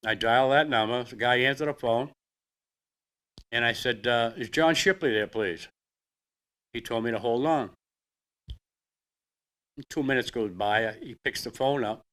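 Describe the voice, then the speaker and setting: An older man with a Boston accent, a veteran telling his own story in a plainspoken, halting way. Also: medium pitch, a bit bright. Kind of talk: personal storytelling.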